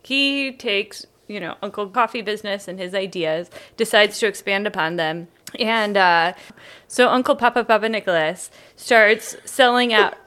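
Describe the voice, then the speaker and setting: A woman's voice: medium pitch, moderate pace, fairly bright tone, smooth. A woman co-hosting a casual podcast, telling a story with frequent laughs and restarts. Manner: giggly, tells a story with many restarts. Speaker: podcast co-host. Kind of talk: casual chat.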